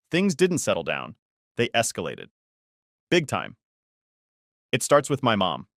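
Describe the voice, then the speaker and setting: Give me a man with a lowish voice reading a first-person story, dry and close. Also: no room sound. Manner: steady, conversational storytelling. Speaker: narrator.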